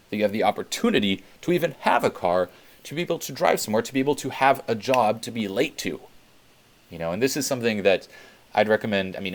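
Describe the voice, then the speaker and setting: A man talking casually in a self-help vlog, rambling with lots of fillers and blunt swearing. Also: lowish voice. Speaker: self-help video host.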